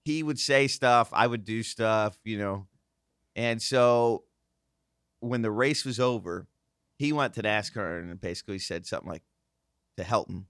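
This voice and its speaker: A man in his thirties telling a casual, animated story on a podcast, acting out the voices of the people in it. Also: fairly low pitch, normal speed, clean tone, no room sound, clean studio sound. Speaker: guest host, former racing driver.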